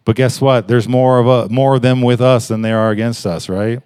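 A man preaching in a conversational way, telling a story with halting restarts and rising emphasis. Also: medium pitch, steady tone, a little mellow, smooth, no room sound, studio quality. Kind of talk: conversational sermon.

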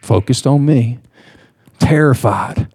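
A man preaching a sermon, telling a personal story in an animated way, with laughs and restarts. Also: medium pitch, slow, slightly rough. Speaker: pastor.

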